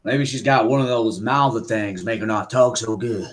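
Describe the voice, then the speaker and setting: A man voicing a gruff, folksy male cactus bandit in a stage play, with ungrammatical speech. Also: fairly low pitch, normal speed, natural voice. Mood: menacing.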